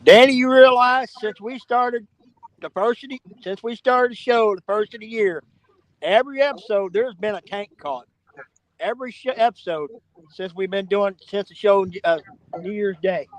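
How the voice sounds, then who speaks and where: A high-voiced man chatting casually beside a fellow angler. He teases in an easy, folksy way. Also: normal speed, rough recording. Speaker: fishing show co-host. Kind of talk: casual outdoor fishing chat.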